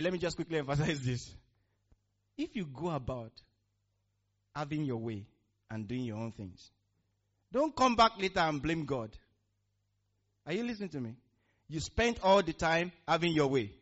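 Man preaching, call-and-response, higher voice, muffled lo-fi recording. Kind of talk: sermon.

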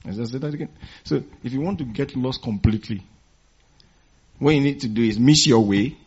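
Speaking briskly in a medium-pitched voice that's a little mellow and slightly rough, a pastor leads a call-and-response sermon, letting the congregation finish phrases and chuckling through his stories. The audio is dull and lo-fi.

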